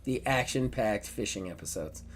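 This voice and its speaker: A man's voice: lowish voice, lively intonation, moderate pace. Male GM, narrates the scene with jokes and animation. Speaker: game master. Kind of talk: narrating a tabletop game.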